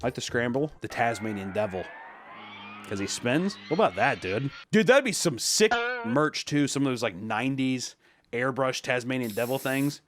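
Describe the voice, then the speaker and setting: A man's voice: mid-range voice, normal speed. Brief: young male host, casual and profane, voice leaps all over, faint music behind. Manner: casual, swearing, animated. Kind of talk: comedic commentary.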